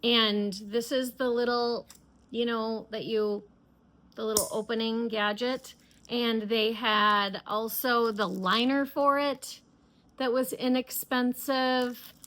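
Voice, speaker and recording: A woman's voice: fairly high pitch, steady tone, slow pace, a bit bright, slight background noise. A middle-aged woman hosting a knitting podcast, chatting casually and enthusiastically with many fillers and restarts. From United States. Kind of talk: casual chat.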